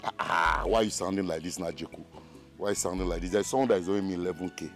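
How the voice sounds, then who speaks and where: Excitable young village man. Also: sits low, soft background music. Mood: eager. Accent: Nigerian. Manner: excitable, fast-talking. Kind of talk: film acting.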